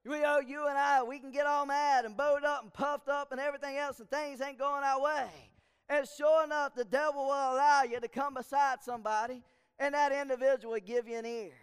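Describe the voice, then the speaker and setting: High-pitched man preaching, repeats stuff for emphasis, long church reverb. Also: little pitch movement, brisk. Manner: emphatic, repeats lines for stress. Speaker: pastor. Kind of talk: sermon.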